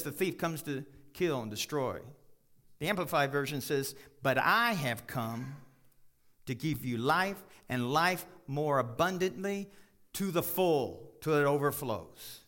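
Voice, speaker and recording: Preacher, folksy, swings from booming highs to hushed lows, forceful tone. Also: male voice, slow. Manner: animated preaching with sudden loud high bursts and drops; folksy, jokes with the congregation. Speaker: pastor. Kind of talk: sermon.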